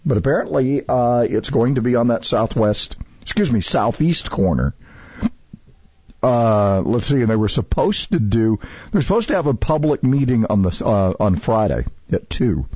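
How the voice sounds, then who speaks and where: A man's voice: medium pitch, sing-song, normal speed, a little mellow, slightly rough, no room sound. A man hosting a radio talk show, chatting casually in a rambling, hesitant way with chuckles. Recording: dull radio audio.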